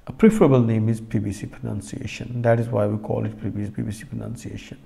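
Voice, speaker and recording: A man giving a recorded lecture to students, explaining slowly with many fillers and restarts and talking straight to the class. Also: lowish voice, gravelly, dark tone.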